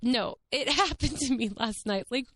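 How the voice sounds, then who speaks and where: A young woman, hosting her podcast and gushing excitedly about a date in a casual, "like"-filled story. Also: fairly high pitch, normal speed. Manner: gushing, excited, peppered with "like" and "what is happening". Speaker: podcast host.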